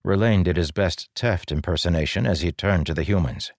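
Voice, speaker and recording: A man doing scripted narration of an audiobook in a steady, unhurried way. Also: low voice, dry recording.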